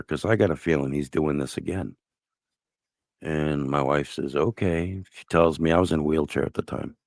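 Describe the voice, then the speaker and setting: A man's voice: rumbling low, darkish tone, no echo, clean studio sound. A man telling a personal family story in casual conversation, blunt and profane. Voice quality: gravelly. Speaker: guest telling his life story.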